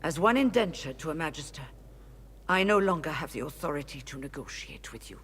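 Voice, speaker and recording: A guarded, husky mage leader. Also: female voice, sits low, lively intonation, a bit bright, full character voice. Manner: measured, formal. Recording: game audio with long reverb.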